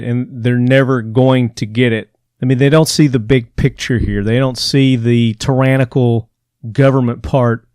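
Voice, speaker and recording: A man hosts a podcast and works through news items with a mocking, exasperated edge, often laughing at what he reads. His voice is smooth and resonant at an average pitch. The sound is close and dry, with no room around it. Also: darkish tone, dry recording. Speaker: podcast host. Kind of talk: casual commentary reading news.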